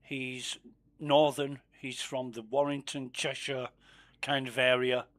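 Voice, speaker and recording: A man's voice: medium pitch, little pitch movement, takes it slowly, a bit bright. A man streaming a space game, chatting casually, swearing freely and muttering asides under his breath. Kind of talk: casual gameplay commentary.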